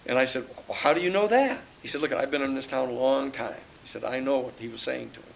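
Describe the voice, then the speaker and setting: A man in his sixties, a lawyer and author telling stories at a book talk, animated, acting out the dialogue he quotes. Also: mid-range voice, fast talker, gravelly, a little hiss or hum, low-quality recording. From United States. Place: live audience talk at a campus venue.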